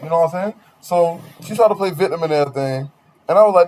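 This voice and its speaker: A man's voice: on the high side, racing, slight background noise. Slangy young man telling a story. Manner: slangy, animated retelling with quoted voices. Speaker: podcast host. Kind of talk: casual storytelling chat.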